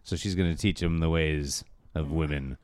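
A man's voice: very deep voice, moderate pace, darkish tone, no echo, studio quality. A man casually recapping a TV episode for a podcast, rambling with lots of filler words and offhand quotes of the characters. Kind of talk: casual chat.

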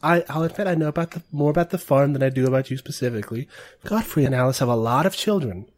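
A woman's voice: very deep voice, a little mellow. Prim gossiping church lady, put on by a game master. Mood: chatty. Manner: conspiratorial, prim, halting. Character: gossipy middle-aged woman of the royal clergy.

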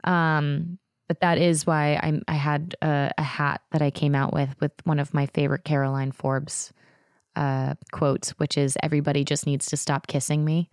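A woman in her thirties hosting a podcast, telling a story in a chatty, animated way with lots of fillers and acted-out quotes. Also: low voice, normal speed, smooth, no room sound, studio quality. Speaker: podcast host. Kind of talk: casual storytelling chat.

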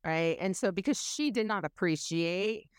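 A woman's voice: fairly low pitch, moderate pace, clear, resonant tone, dry recording, clean studio sound. A woman telling her own story in an interview, candid and emotional, swearing freely.

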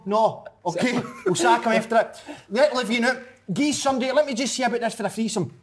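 A Scottish man with a fairly high voice rants in a lively, half-joking way, laughing as he goes. He talks casually, the way people talk football with friends. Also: fast talker, hardly any pauses, heavy background noise. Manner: animated, ranting, laughing. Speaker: podcast guest pundit.

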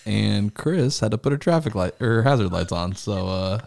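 A man's voice: on the low side, animated, normal speed, vocal fry, darkish tone. A man co-hosting a podcast, playful and joking in casual banter. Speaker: podcast co-host.

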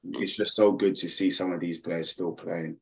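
Deep-voiced man, relaxed and laughing. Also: moderate pace. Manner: relaxed, laughs often, hesitant with fillers. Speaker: guest, former player. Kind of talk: casual podcast chat. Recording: dull lo-fi sound.

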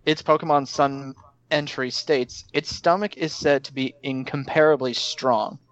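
A man's voice: mid-range voice, fairly even intonation, a little slow, a bit bright, highs cut off. A man co-hosting a casual podcast, who speaks drily and likes to nitpick details. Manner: dry, nitpicking. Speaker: podcast co-host. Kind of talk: casual chat.

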